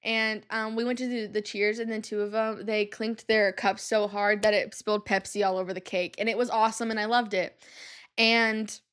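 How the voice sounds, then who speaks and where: A young adult woman hosting a podcast, telling casual stories in an animated, exasperated way with lots of "like" and "um". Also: medium pitch, moderate pace, clear, resonant tone. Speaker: podcast host. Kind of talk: casual storytelling monologue.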